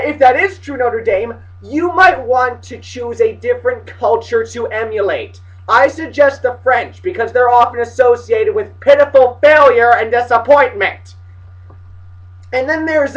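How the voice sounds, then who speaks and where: A man delivering a comedic, profane rant to camera, swinging between shouting and muttering. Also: extremely high pitch, far from the mic, dull audio. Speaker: vlogger ranting about college basketball.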